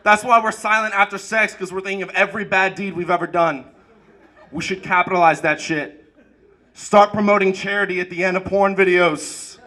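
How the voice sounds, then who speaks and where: High bright guy doing standup, punchy, yells the big lines. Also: normal speed. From Arab American. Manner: energetic punchline delivery, shouts at peaks. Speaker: stand-up comedian. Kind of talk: stand-up comedy set. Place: comedy club stage with audience.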